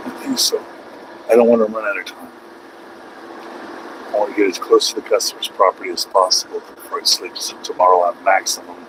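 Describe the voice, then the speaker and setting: A man's voice: sits low, steady tone, brisk, pauses often, noisy background. Chatty man vlogging from his truck. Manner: chatty, rants at other drivers. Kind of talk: casual driving vlog. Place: truck cab on the highway.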